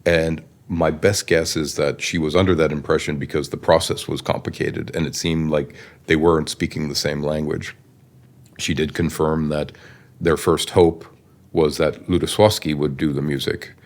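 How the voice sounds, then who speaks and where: Very deep-voiced man telling a story. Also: moderate pace. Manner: chatty, animated storyteller. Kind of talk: anecdotal interview storytelling.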